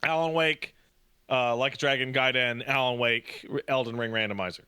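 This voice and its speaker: Man, podcast co-host, exasperated ranting, bright tone, dry sound. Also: medium pitch, normal speed, clear, resonant tone, no echo. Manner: animated, exasperated ranting with frequent swearing. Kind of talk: casual podcast banter.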